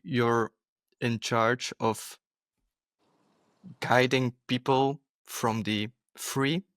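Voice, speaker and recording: A man's voice: medium pitch, steady tone, very slow, fairly bright tone, no echo. A man hosting a podcast interview, affirming his guest and checking that he has understood. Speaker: podcast host.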